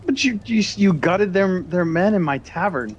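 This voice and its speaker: A frightened tavern keeper, put on by a man running a tabletop game, repeating himself and murmuring low and nervous. The voice sits at an ordinary middle pitch, close to a natural speaking voice. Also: steady tone, brisk, lo-fi sound, natural voice. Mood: upset. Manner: stammering, anxious, speaking quietly. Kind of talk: tabletop role-play voicing.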